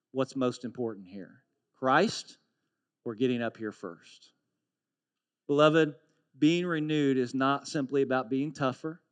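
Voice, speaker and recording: A man preaching a sermon as pastor, telling a story with animated, earnest delivery and building to a call to renewal. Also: medium pitch.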